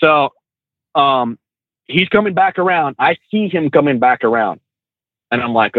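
Animated man, tinny phone-like sound. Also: a little high, a little slow, pauses often, dry recording. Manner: animated, swears freely, says "bro" and "dude". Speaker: truck driver trainer, podcast guest. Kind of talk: casual storytelling in an interview.

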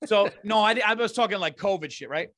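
A man's voice: high voice, a little fast, a bit bright. A man and comedian hosting a podcast, telling rambling, profane stories in casual chat.

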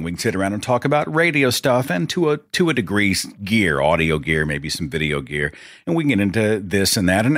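A man with a deep voice rambles through a casual solo podcast, his pitch swinging up and down as he talks. His delivery is chatty and loose, full of asides. The recording is dry and close, with no room sound. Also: a bit bright, no echo. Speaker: podcast host.

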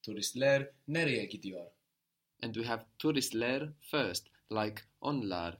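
A man's voice: medium pitch, expressive, measured pace, a bit bright. A man teaching a language lesson, patiently prompting a student and repeating her answers.

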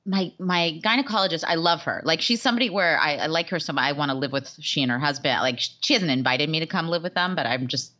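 A woman co-hosting a podcast, chatting casually and telling animated stories, acting out the people she quotes. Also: deep voice, quick pace, hardly any pauses, dull audio. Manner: animated, laughing storyteller who acts out quotes. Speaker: podcast co-host. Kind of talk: casual chat.

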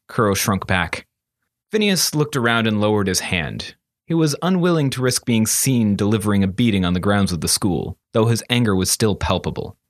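A man narrating a fantasy story as an audiobook, steady and expressive. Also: fairly low pitch, moderate pace, no echo, clean studio sound.

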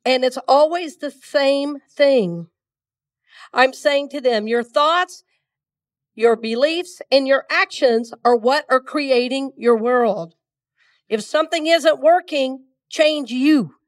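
Congested from a lingering cold, this minister from Georgia speaks in a high voice, captured from far off. Her sermon is conversational, and she draws the congregation into call-and-response.

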